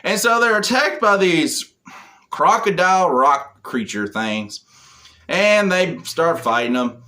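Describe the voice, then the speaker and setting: A man's voice: fairly high pitch, animated, takes it slowly, sharp tone. A man giving a casual spoken comic book review, retelling the plot in a rambling way with lots of fillers.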